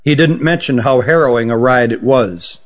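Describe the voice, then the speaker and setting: A man reading a fantasy story aloud as narrator in a measured, even way. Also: medium pitch. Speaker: audiobook narrator. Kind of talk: scripted narration. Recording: dull lo-fi audiobook recording.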